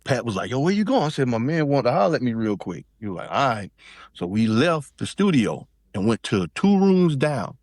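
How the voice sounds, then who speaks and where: A man's voice: mid-range voice, sing-song, a little fast, darkish tone, no echo, clean studio sound. A man from South Carolina, telling a story in casual chat and acting out quotes in shifting voices. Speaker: podcast guest.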